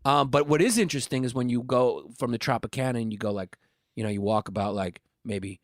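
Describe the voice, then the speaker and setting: A man's voice: mid-range voice, a little fast, no echo, studio quality. Laid-back crude New podcast man. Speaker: podcast co-host. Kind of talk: casual chat.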